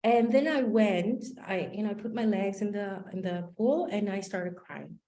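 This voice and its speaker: A woman's voice: medium pitch, normal speed, warm tone, reverberant, a little hiss or hum. A woman life coach telling a personal story in a motivational talk, acting out the dialogue as she goes.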